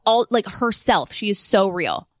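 A woman co-hosting a podcast in casual chat, blunt and enthusiastic, with quick reactions. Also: medium pitch, big pitch swings, no echo, studio quality. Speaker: podcast co-host.

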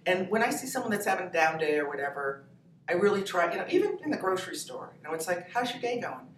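A comedian woman in her fifties from New Hampshire, telling stories in a lively, laughing way as a podcast guest. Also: fairly low pitch, fast talker, slight background noise. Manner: animated, laughing storyteller. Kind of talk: podcast interview. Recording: echoey room, distant mic, faint ambience.

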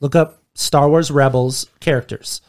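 A man's voice: mid-range voice, steady tone, unhurried, no room sound, clean studio sound. A young man co-hosting a podcast in casual chat, joking, rambling and swearing freely. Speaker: podcast co-host.

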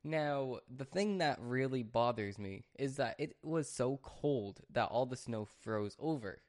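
A man's voice: mid-range voice, lively intonation, a little slow, a little mellow. A man hosting a casual solo podcast from a home studio, talking in a rambling, chatty way with restarts and sidetracks. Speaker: podcast host.

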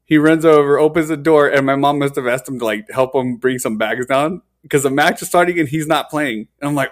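A man's voice: mid-range voice, fairly even intonation, brisk, hardly any pauses. A young man hosting a casual podcast chat, telling a story animatedly, full of profanity and words like dude and hella.

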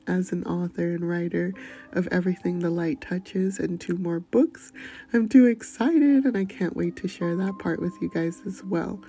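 A woman hosting a podcast, speaking gently and often slipping into a breathy near-whisper as she shares encouragement and poetry. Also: lowish voice. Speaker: podcast host. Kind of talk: gentle motivational talk and poetry reading.

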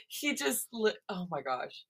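A woman in her twenties, a podcast co-host, telling a story in a giggly, animated way full of "like". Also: medium pitch, vocal fry, slightly rough. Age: 20s. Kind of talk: casual chat.

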